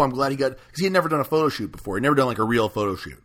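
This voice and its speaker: A man's voice: mid-range voice, very animated, racing, fairly bright tone. A man hosting a podcast, trading loose, profane banter with his co-host. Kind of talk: casual chat.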